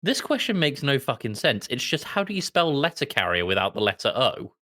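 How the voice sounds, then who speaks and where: A young man from southwest England co-hosting a podcast, wry and quick to laugh in casual banter. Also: mid-range voice, big pitch swings, bright, forceful tone. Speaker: podcast co-host.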